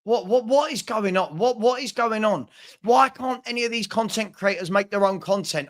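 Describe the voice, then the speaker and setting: A man with a fairly high voice chats on a casual football live stream. He gets worked up and exasperated, repeating himself and restarting sentences as he goes. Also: normal speed. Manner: exasperated, repetitive, stumbling restarts. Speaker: football channel host.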